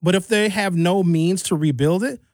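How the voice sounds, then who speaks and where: A man's voice: high-pitched, normal speed, no echo. Ranting man doing stand-up. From Wisconsin, USA. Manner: animated, ranting, sarcastic asides. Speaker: stand-up comedian. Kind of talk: stand-up comedy rant.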